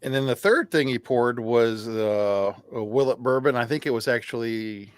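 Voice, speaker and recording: Male co-host, relaxed chat, halting recall, dry close mic. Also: mid-range voice, clean tone, no echo. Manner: halting, restarts often while recalling details. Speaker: podcast co-host. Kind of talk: casual bourbon chat.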